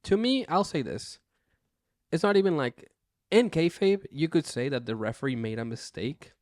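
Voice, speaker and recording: A man's voice: on the high side, lively intonation, moderate pace, darkish tone, dry recording, studio quality. Laid-back man chatting on a podcast. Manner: laid-back, swears freely, laughs often. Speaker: podcast co-host. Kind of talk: casual wrestling podcast chat.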